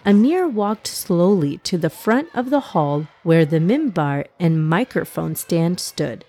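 A woman reading a children's story aloud in a gentle, even storytelling manner. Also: lowish voice, measured pace.

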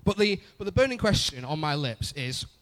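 A man's voice: fairly high pitch, sing-song, fairly quick, a bit bright. A young adult man preaching a conversational sermon, often repeating phrases for emphasis. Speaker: pastor.

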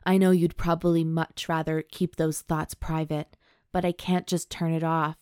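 A woman's voice: deep voice, flat delivery, moderate pace, darkish tone, clean tone, no echo, studio quality, lightly acted. A woman reading a tender, teasing man. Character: gentle deep-chested man, tender and teasing. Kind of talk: reading aloud a novel's dialogue.

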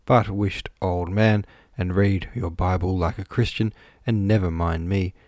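A man reading an audiobook, voicing a brisk, motherly older housekeeper woman who bustles about. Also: sits low, fairly even intonation, a little mellow, no echo, clean studio sound.

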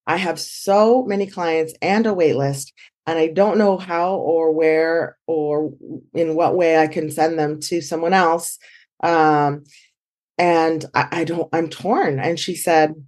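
A woman guest, a dog trainer, telling her story in an animated way and acting out quoted dialogue. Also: sits low, a little slow. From San Francisco Bay Area. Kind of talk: conversational storytelling.

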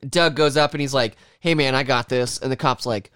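A man casually recapping a film in a rambling, profane way, often slipping into quick quoted voices of the characters. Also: medium pitch, a bit bright, smooth, no room sound, studio quality.

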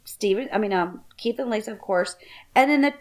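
A woman with a Louisiana accent, co-hosting a casual chat, quick to challenge and tease her partner. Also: mid-range voice. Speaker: podcast co-host.

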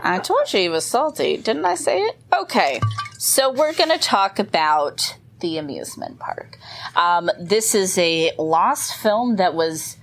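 Chatty, excitable woman podcast co-host. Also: on the low side, a little slow, soft background music. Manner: chatty, excitable, laughs often. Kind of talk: casual chat.

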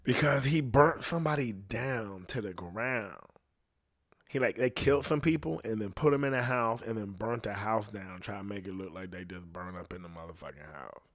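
A young adult man hosting a podcast, telling stories in a crude, profane, animated way. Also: on the low side, moderate pace, no echo, studio quality. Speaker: podcast host. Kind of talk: storytelling podcast chat.

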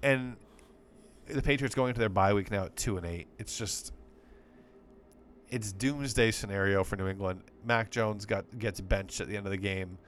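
A man's voice: lowish voice, steady tone, moderate pace, a bit bright, a little hiss or hum. A man co-hosting a sports podcast, talking in a rambling, exasperated, profane way. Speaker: podcast co-host. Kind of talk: casual sports podcast chat.

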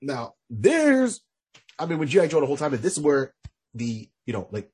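A man's voice: on the high side, wildly swooping pitch, moderate pace, a little mellow, slightly rough. A man co-hosting a podcast, chatting casually in a rambling way with lots of restarts. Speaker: podcast co-host. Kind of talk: casual chat.

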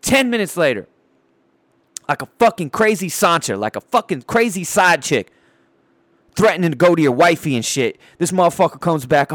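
A man hosting a podcast, ranting about sports in a loud, crude, rambling way and mocking the players he talks about. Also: fairly high pitch, sing-song, brisk, no room sound. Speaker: podcast host. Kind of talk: profane sports rant.

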